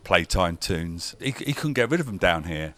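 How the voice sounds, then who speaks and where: A man from South London interviewing a guest, asking measured questions and answering with short agreements. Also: low-pitched, sing-song, fairly bright tone. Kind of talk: conversational interview.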